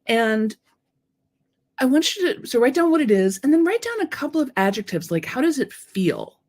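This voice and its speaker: A woman hosting a live-streamed coaching talk, frank and animated, who swears casually and reads out viewer comments. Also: sits high, normal speed.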